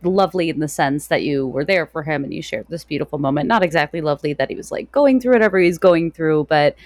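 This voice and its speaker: A woman podcast host responding in a warm, effusive and reflective way. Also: low-pitched, quick pace, dry recording. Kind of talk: conversational interview.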